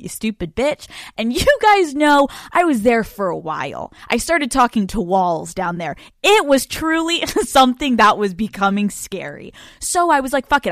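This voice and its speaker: A woman's voice: mid-range voice, no room sound, clean studio sound. A woman, hosting a podcast, telling stories in a brash, profane, self-mocking way. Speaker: podcast host. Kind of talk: casual comic monologue. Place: hotel room. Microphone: studio microphone.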